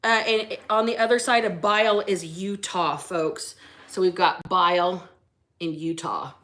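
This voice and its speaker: A woman's voice: fairly low pitch, measured pace, fairly bright tone. Brash, chatty woman tarot reader. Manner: brash and chatty, swears freely, greets viewers. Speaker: tarot reader and channel host. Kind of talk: casual livestream tarot reading.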